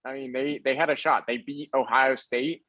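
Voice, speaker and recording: A man's voice: medium pitch, steady tone, moderate pace, sharp tone, no room sound, low-quality recording. Young male podcast co-host, casual rambling sports talk, dry close sound. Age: young adult. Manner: rambling, laid-back, lots of fillers.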